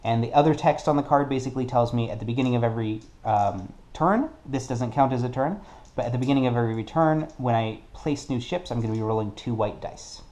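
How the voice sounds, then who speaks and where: A man's voice: medium pitch, quick pace, darkish tone. A man playing a solo tabletop game and explaining its rules in a casual way, thinking aloud and correcting himself as he goes. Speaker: board game player.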